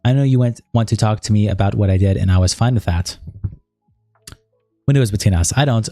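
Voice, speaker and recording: A man hosting a livestream, quickly reading text messages and written statements aloud. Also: on the low side, mellow, no echo, studio quality, faint music behind. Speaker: livestream host.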